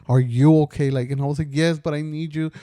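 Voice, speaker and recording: A man's voice: a little high, fairly even intonation, quick pace, mellow, no room sound, clean studio sound. A young man co-hosting a casual podcast, telling a story in a rambling way full of "like" and "um". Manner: rambling, lots of "like" and "um". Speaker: podcast co-host.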